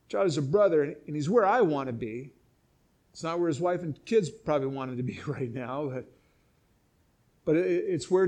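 Impassioned middle-aged male pastor, high voice, emphatic sermon delivery. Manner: emphatic, impassioned preaching with repeated restarts. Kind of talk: sermon, reading and explaining scripture.

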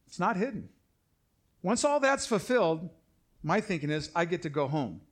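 A middle-aged man delivers a sermon from the pulpit in a somewhat raised voice for a man. He is emphatic and repetitive, often slowing down so that his main points land. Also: sits high, big pitch swings. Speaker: pastor.

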